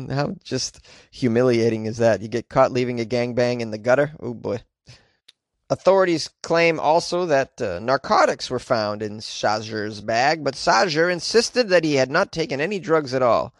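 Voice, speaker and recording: A man riffs on news headlines with sarcastic, animated commentary. He has a mid-range voice and often breaks into laughter. The sound is dry and close, with no room echo. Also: mid-range voice. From United States.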